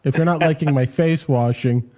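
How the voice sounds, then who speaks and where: A man's voice: on the high side, moderate pace, dark tone, slight background noise. A man co-hosting a comedy podcast, joking in casual chat and acting out quoted voices.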